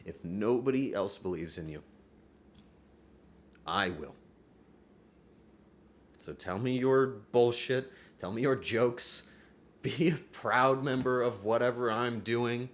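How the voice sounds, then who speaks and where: A man's voice: medium pitch, takes it slowly, long pauses, a little hiss or hum. A man streaming live and talking to his chat, earnest and profane, joking and laughing often. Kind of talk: livestream talk to chat.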